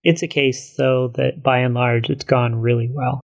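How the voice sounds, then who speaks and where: A man's voice: medium pitch, flat delivery, normal speed, creaky. Man explaining his course plainly. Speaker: college instructor co-teaching a course. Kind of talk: casual conversation.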